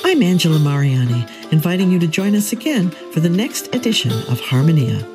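A woman hosting a public radio early music program, reading the closing credits in a measured, articulate way. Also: lowish voice, very animated. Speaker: radio host. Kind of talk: scripted radio outro. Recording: studio voice over music.

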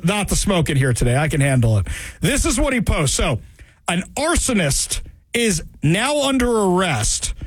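Sarcastic, animated male radio host. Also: high-pitched, slightly rough, dry recording. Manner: sarcastic, animated, repeats phrases for emphasis. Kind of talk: political talk radio commentary.

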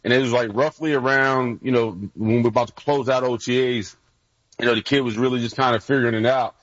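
A man who used to play football, a guest telling lively stories and acting out his old coaches' shouts. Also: medium pitch, fairly quick, dry recording. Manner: animated storyteller, acts out coaches' shouts. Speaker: former football player, guest. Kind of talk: casual storytelling. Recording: dull, dry lo-fi sound.

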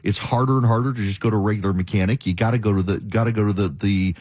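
A man's voice: fairly low pitch, steady tone, racing, a little mellow, breathy edge, no echo. A man hosting a talk radio show, delivering an emphatic, opinionated monologue and mocking his critics. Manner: emphatic, ranting, mocks critics in quoted voices.

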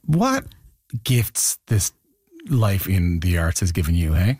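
A man's voice: sits low, big pitch swings, slow pace, darkish tone, breathy edge, dry recording, studio quality. A man hosting a radio interview, talking in a playful way with lots of stammering restarts. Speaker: radio host. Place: radio studio.

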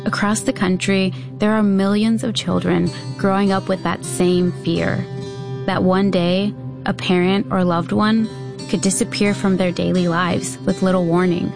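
A woman reporter giving a scripted, measured news narration. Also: medium pitch, gravelly, music in the background. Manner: measured, even storytelling delivery.

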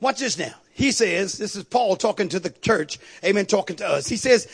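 A man preaching a sermon with fervor, repeatedly calling on the congregation to agree and building to shouted peaks. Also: high-pitched, lively intonation, normal speed, creaky, few pauses, husky. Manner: call-and-response, repeatedly asking the congregation to agree.

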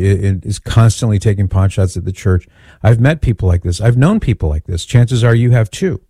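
A man's voice: fairly low pitch, warm tone, no echo, studio quality. A man speaking at a Christian event who tells a personal story in a conversational, candid way and pokes fun at himself. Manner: conversational, candid and self-deprecating. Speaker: Catholic speaker and author. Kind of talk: storytelling talk.

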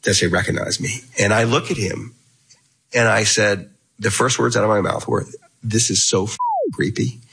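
Man, husky gravelly voice, middle-aged, animated storyteller. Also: on the low side, normal speed, low-quality recording. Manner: animated anecdote-telling with quoted dialogue and laughs. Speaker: guest author. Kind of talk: casual storytelling in an interview.

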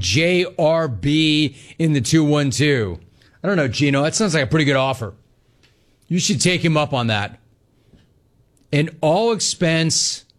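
A man hosting a sports talk radio show, delivering a sarcastic, mocking monologue with animated asides. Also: a little high.

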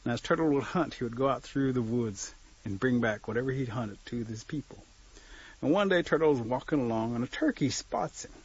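A man telling a folk tale in a relaxed, folksy, conversational way. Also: medium pitch, a little fast, slightly rough, dull audio. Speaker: storyteller. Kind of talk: oral folk storytelling.

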